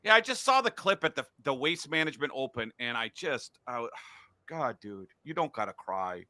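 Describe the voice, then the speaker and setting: A man's voice: mid-range voice, big pitch swings, normal speed, pushed and bright. A middle-aged man hosting a casual sports podcast from a home studio, blunt and profane when he rants. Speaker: podcast host.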